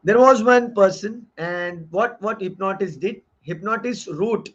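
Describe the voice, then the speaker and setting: High-voiced man giving an earnest lecture. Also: unhurried, fairly bright tone. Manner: earnest and explanatory, often repeating phrases. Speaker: course lecturer reviewing a book. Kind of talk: online lecture. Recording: dull lo-fi audio.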